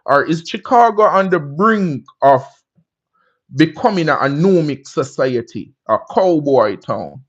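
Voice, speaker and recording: A man's voice: fairly high pitch, expressive, measured pace, highs cut off. A Jamaican man hosting a casual livestream, talking in a laid-back, chatty way and often asking "you understand me?". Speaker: livestream host.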